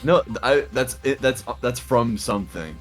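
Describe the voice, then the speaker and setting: A man's voice: medium pitch, animated, normal speed, faint music behind. A man streaming with friends in casual chat, giggling and making crude jokes.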